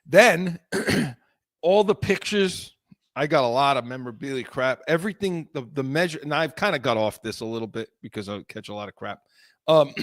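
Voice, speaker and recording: A middle-aged man co-hosting a casual podcast chat, telling a long story in a rambling, animated way with laughs and restarts. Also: mid-range voice, dry recording, clean studio sound. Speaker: podcast co-host.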